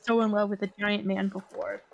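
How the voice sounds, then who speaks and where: A young woman playing a tabletop game, blunt and excitable in casual chat. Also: medium pitch, brisk, creaky, lo-fi sound. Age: young adult. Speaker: player.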